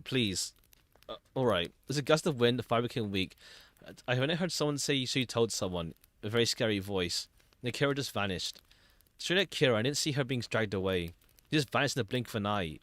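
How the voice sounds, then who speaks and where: Animated male streamer reading a game. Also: mid-range voice, no room sound. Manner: animated, switching between characters. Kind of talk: reading game dialogue aloud.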